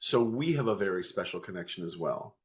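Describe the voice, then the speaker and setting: A man's voice: low-pitched, a little fast. Man telling family stories in an interview. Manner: animated storyteller, acts out dialogue. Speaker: guest parent. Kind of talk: conversational interview storytelling.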